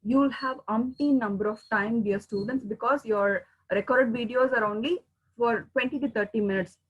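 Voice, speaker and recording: A woman's voice: fairly high pitch, moderate pace, breathy edge, rough recording. A woman, a teacher giving a recorded pronunciation lesson and repeating words to drill the sounds. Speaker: English teacher.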